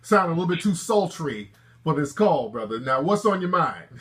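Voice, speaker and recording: Brash call-in show host, man, aave slang, kinda high voice, teasing the callers. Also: very animated, brisk, a bit bright. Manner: brash, joking, street slang, lecturing callers. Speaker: show host taking calls. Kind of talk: call-in talk show banter.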